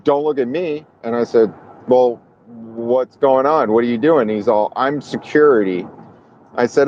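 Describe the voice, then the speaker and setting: A man in casual chat, telling a story with lively, acted-out voices for the people he quotes. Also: mid-range voice, normal speed, a little hiss or hum. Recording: dull lo-fi sound.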